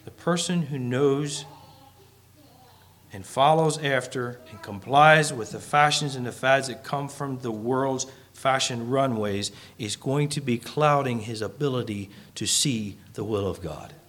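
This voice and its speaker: A man delivering a sermon, reading scripture in measured phrases and pressing his points with rising intensity. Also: a bit bright. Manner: earnest, rises in pitch and volume when pressing a point. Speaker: preacher.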